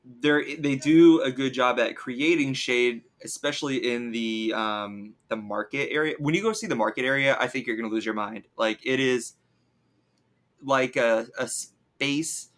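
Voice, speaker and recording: Chatty man with a bright voice. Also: medium pitch, measured pace. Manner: chatty, enthusiastic, filler-heavy. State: coming down with a cold. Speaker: podcast co-host. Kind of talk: casual chat.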